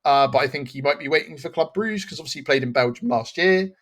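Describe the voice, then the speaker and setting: A man's voice: on the high side, quick pace, fairly bright tone. A man hosting a football podcast, chatting casually and rambling, laughing at his own slips. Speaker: podcast host. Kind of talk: casual chat.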